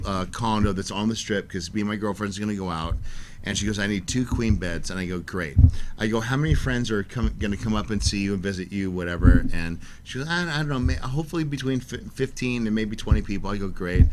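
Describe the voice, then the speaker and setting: A middle-aged man chatting as a guest on a radio show, telling lively stories and acting out quotes in a raised voice. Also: lowish voice, a little hiss or hum. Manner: animated storyteller, acts out quotes in a raised voice. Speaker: guest artist. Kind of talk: casual interview chat.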